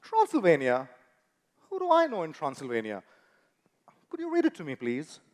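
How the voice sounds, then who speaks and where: A man acting and singing as a theatrical, excitable young professor in a stage musical, recorded in a reverberant hall with music. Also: a little high, normal speed. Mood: flustered. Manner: theatrical, exaggerated stage delivery. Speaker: stage actor.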